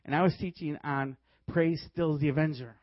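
Guy preaching, lively stories w lots of laughs, bit high voice, dull lo-fi sound. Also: moderate pace, no room sound. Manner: lively, laughs often while telling stories. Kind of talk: sermon with storytelling.

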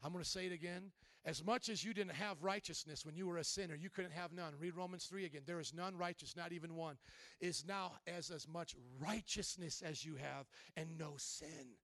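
A man's voice: a little high, normal speed, fairly bright tone, no room sound, studio quality. A man preaching a sermon as pastor, impassioned, often asking the congregation questions.

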